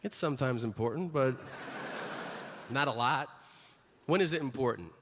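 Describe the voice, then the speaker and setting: A male stand-up comedian telling a story on stage, acting out the people in it with sudden loud outbursts. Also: mid-range voice, normal speed. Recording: live hall with long reverb and audience noise.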